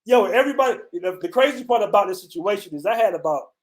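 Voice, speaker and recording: A high-pitched American man who hosts a travel channel talks fast with lively intonation, telling viewers a story on a city street at night. His delivery is loose and slangy, packed with "man" and "bro."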